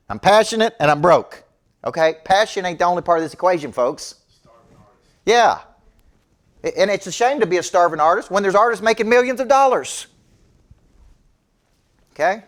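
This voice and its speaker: A man's voice: sits high, expressive, moderate pace, pauses often. A middle-aged man, giving a motivational business talk to an audience in an emphatic, preachy way. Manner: emphatic, preachy, repeats "okay?" to check in. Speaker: business coach.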